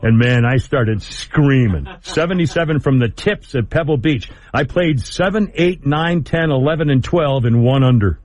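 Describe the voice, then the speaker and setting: A man's voice: mid-range voice, normal speed, few pauses, a little mellow. A man hosting a call-in talk radio show, telling rambling stories and laughing easily.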